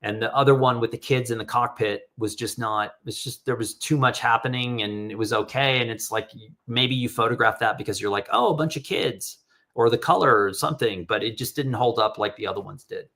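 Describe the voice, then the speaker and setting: A middle-aged photographer hosts a live critique stream, candidly rambling as he reads audience questions aloud and gives feedback on photos. His mid-range voice is fairly quick and sharp, with fairly even intonation.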